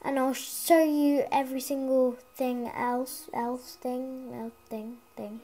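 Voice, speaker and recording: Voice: sits high, takes it slowly. A child gaming vlogger chatting casually on a headset mic at home, rambling with lots of ums and restarts. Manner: excitable, chatty. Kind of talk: casual gaming vlog chat.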